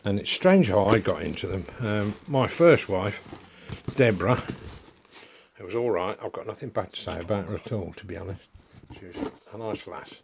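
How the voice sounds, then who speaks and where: A middle-aged man talks his viewers through his gear in a relaxed, rambling way. His voice sits low, and he keeps drifting off on homely asides. There is a faint hiss behind him. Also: normal speed, vocal fry. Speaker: DIY vlogger. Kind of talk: casual chatty vlog.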